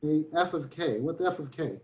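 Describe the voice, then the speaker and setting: A high-voiced man teaching math online, joking and telling stories as he works through problems. His speech comes through a computer mic on a call. The audio is dull and lo-fi. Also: fairly quick. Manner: joking, storytelling, chatty with restarts. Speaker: math professor. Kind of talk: online class lecture. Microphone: computer mic on a video call.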